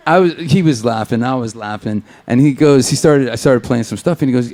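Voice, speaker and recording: A man chatting casually as a guest, telling lively anecdotes, acting out what others said and swearing freely. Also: mid-range voice, brisk, hardly any pauses. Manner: animated anecdotes, acts out quoted voices, swears. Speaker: guest guitarist. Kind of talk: casual storytelling chat.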